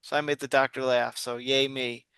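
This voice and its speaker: A man's voice: medium pitch, little pitch movement, normal speed, sharp tone, smooth, no echo. A man in his forties co-hosting a casual podcast, telling jokey self-deprecating stories. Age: 40s. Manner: joking, self-deprecating storyteller. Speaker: podcast co-host. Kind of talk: casual chat.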